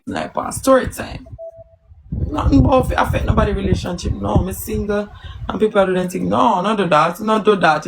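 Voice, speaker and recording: A Jamaican woman hosts a casual live stream. She talks to her viewers and tells stories in patois, with a gravelly, fry-laden voice. A faint hiss of noise sits under the recording. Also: medium pitch, poor audio.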